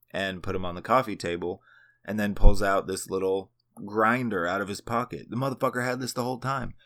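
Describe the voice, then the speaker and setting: A young man hosting his own show, telling a personal story in a relaxed, profane ramble. His voice sits a little low, and he slips into quoted voices of other people as he goes. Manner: laid-back, profane, acts out quoted voices. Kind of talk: casual storytelling monologue.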